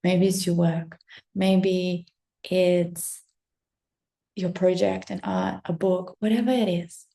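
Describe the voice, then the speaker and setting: A woman's voice: on the low side, fairly even intonation, slow pace, gravelly, mellow, roomy sound. A woman coach giving a casual motivational pep talk, full of encouraging rhetorical questions and the odd swear word. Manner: casual, swears now and then.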